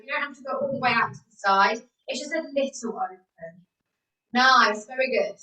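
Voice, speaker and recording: Woman instructor, higher voice, slow and clear, cueing moves; echoey room, far from the mic. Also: bright, forceful tone. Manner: encouraging, counting out moves. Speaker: fitness instructor. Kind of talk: leading an exercise class. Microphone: video call.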